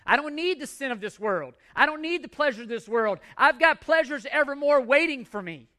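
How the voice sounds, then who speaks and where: A man's voice: very high-pitched, expressive, a little fast, bright, forceful tone. A man preaching a sermon, emphatic, repeating phrases and reading scripture aloud. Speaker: pastor.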